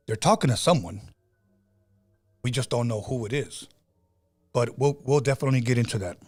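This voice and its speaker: A man's voice: medium pitch, darkish tone, breathy edge. Man, middle-aged, podcast host, mid-range voice, casual chatty storytelling, faint music underneath. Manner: conversational storytelling with frequent fillers and restarts.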